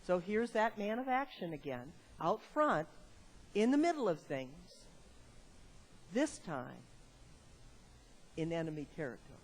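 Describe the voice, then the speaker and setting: Slow, lively woman preaching a sermon. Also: fairly low pitch, a little hiss or hum. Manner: lively, conversational, asks the audience questions.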